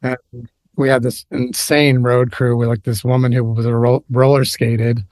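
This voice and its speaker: A man's voice: medium pitch, level tone, normal speed, a little mellow, no echo. A middle-aged man telling stories in a casual chat as a podcast guest, rambling and restarting often, livening up as he recalls things.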